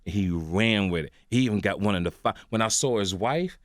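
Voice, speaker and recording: An older man, a guest comedian on a radio show, telling stories excitedly, slipping into other people's voices and laughing while he talks. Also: lowish voice, fairly quick, no room sound, clean studio sound. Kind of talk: animated radio interview storytelling. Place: radio studio.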